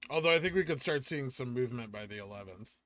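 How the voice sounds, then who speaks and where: A man's voice: medium pitch, animated, fast talker, a bit bright. A man hosting a casual livestream, answering viewer chat questions in a laid-back, offhand way. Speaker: livestream host reading chat.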